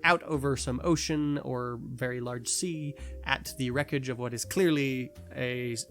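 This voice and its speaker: A man co-hosting a casual podcast chat, animated and quick to slip into mock voices to make a point. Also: medium pitch, faint music behind. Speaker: podcast co-host.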